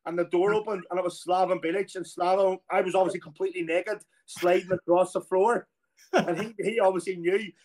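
High-voiced Irish man telling stories. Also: brisk. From Ireland. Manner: animated storyteller who acts out quoted voices. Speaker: former footballer guest. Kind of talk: casual anecdotal storytelling.

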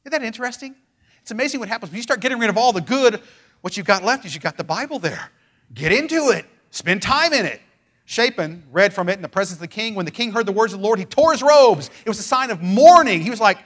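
Shifting between booming proclamations and quiet entreaties, this male pastor delivers a passionate sermon, drawing out words to drive points home. He speaks fast in a high, expressive voice.

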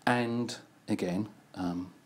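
This older man, an advertising writer and producer, talks casually and slowly, telling anecdotes in which he acts out quoted exchanges. His voice is husky and sits on the low side.

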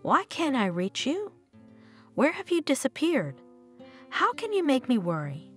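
A devoted mother, tender and reassuring toward her hurt daughter, as a woman storyteller puts her on. Her voice is husky, with a lively, swinging pitch. Soft music plays under the telling. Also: measured pace, heavily acted. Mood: frantic. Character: loving, worried middle-aged mother. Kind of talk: storybook narration.

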